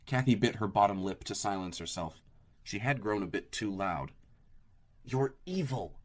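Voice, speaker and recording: The audiobook is narrated by a man whose voice is on the low side, delivered at a moderate pace. He keeps an even, steady storytelling manner.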